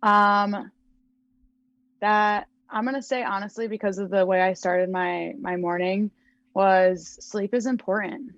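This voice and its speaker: A young woman, a podcast guest, chatting casually and telling a lively story with frequent laughs. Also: mid-range voice, measured pace, no room sound, dull audio. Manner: animated storyteller, laughs often.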